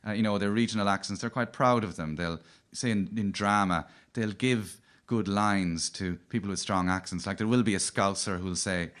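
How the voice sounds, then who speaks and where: A man's voice: lowish voice, normal speed, few pauses. A man with a light Cork accent doing wry stand-up comedy as the host of a radio show. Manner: wry, lively comic delivery. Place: radio studio with live audience.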